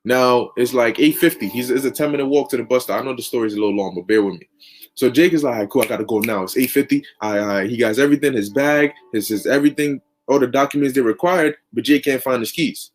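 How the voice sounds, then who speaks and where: A man's voice: mid-range voice, quick pace. A man preaching through a long story in casual, slangy, conversational talk. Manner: conversational, lots of fillers and restarts, slang.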